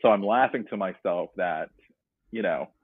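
A man's voice: low voice, moderate pace, husky, no room sound. A man from North Carolina, a podcast guest, telling his personal story in an earnest, reflective way. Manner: earnest, reflective, retells scenes. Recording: dry, narrow phone-like line.

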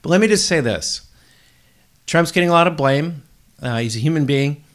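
A man's voice: on the high side, expressive, normal speed, fairly bright tone. A man hosting a solo podcast, rambling bluntly and swearing freely. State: up before dawn, tired. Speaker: podcast host.

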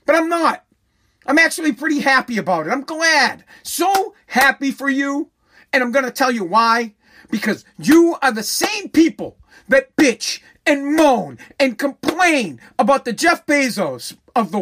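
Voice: high voice, fairly bright tone. A vlogger delivering a profane, sarcastic rant to viewers, scolding them and repeating lines for emphasis. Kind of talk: ranting monologue to viewers.

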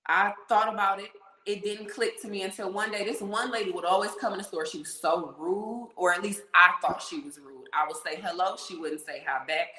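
A woman telling a story in casual podcast chat, animated and blunt, acting out the voices of people in it. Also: medium pitch, fairly quick. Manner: animated, acts out quoted voices, swears. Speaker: podcast guest. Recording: roomy echo.

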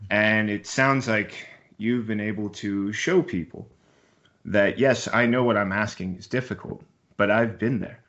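A very low-voiced male interviewer reflects at an unhurried pace and tells stories to his guest. The recording sounds dull and lo-fi. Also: fairly bright tone. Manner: measured, reflective, storytelling.

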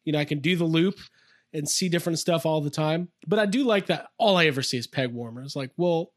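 A man's voice: a little high, moderate pace, no room sound, studio quality. A man co-hosting a casual chat podcast, rambling, self-interrupting and laughing easily. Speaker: podcast co-host.

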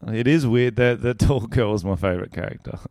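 A man's voice: mid-range voice, lively intonation, moderate pace, darkish tone, dry recording, clean studio sound. A young Australian man co-hosting a casual podcast, joking around and swearing a lot. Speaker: podcast co-host. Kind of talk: casual banter.

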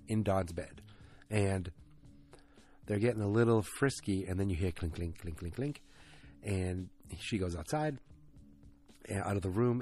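Low, husky-voiced man recapping a show casually, opinionated and prone to tangents. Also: a little mellow. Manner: ranting, swears, goes off on tangents. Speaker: TV episode recapper.

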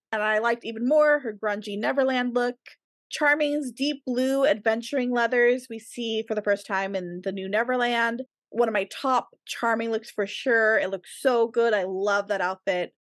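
Woman co-host, casual chat, eager and giggly, higher pitch, dry mic. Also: fairly even intonation, moderate pace, no room sound. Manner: enthusiastic, listing favorites with giggles. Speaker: podcast co-host.

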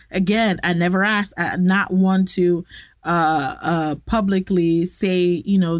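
A woman's voice: on the low side, fairly even intonation, slow pace, no echo, clean studio sound. A young adult woman hosting a podcast, talking candidly and directly to her listeners in a reflective personal monologue, recorded in a walk-in closet at home. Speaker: podcast host.

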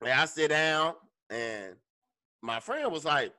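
A man co-hosting a podcast, telling a story in casual, profane chat and acting out his own reactions. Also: takes it slowly. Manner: animated, profane, acts out his own lines in a higher voice. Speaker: podcast co-host.

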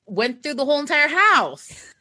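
A woman's voice: sits high, moderate pace. A young woman co-hosting a podcast, telling a story in a rambling, chatty way with lots of fillers. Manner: rambling, lots of "like", animated retelling. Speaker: podcast co-host. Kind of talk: casual storytelling chat.

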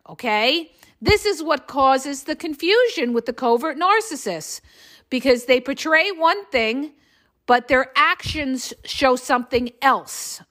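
A middle-aged relationship coach hosts a podcast in a casual monologue, her high-pitched voice fairly bright. She talks bluntly and emphatically, constantly checking in with "okay?"

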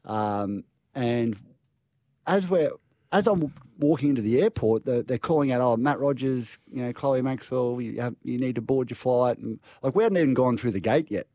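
A man's voice: medium pitch, moderate pace, dark tone, dry recording. Rambling Australian radio guy. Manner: chatty, stumbling storyteller with restarts. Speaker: radio co-host. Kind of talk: casual radio banter.

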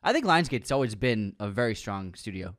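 A man's voice: fairly low pitch, sing-song, fairly quick. A man co-hosting a casual film-news podcast chat, joking and laughing often. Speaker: podcast co-host.

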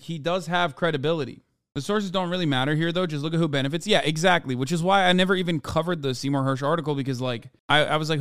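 A man's voice: on the high side, a bit bright, clear, resonant tone, no room sound, studio quality. A man hosting a political stream, reacting to clips with profane, mocking rants. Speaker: streamer host. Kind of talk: casual political commentary.

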